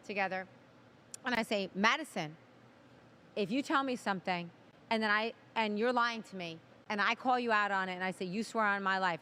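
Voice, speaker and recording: A woman's voice: mid-range voice, bright, forceful tone, slight background noise. A middle-aged woman co-hosting a casual chat, telling a family story in a chatty way, full of asides. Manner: chatty, talks fast with asides. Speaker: co-host.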